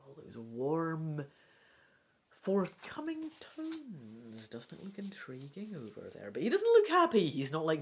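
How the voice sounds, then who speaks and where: A woman's voice: sits low, wildly swooping pitch, a little slow. A woman reading a gamebook aloud and chatting through her choices, with self-mocking asides and the occasional whisper. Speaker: gamebook reader.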